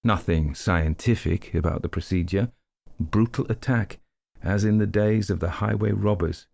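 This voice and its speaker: A man reading an audiobook detective story in measured, unhurried narration. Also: on the low side, vocal fry, a little mellow.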